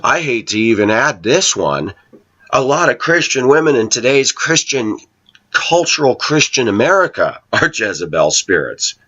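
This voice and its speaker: A man's voice: mid-range voice, sing-song, moderate pace, bright, forceful tone, dull audio. A middle-aged man giving a casual preaching monologue, telling stories, asking rhetorical questions and laughing often. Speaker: online Christian commentator.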